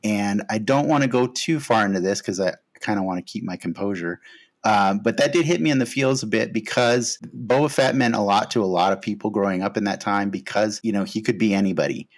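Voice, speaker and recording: Low-voiced man hosting a podcast. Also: a little fast. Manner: relaxed, many "uh" fillers, earnest. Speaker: podcast host. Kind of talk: casual podcast chat.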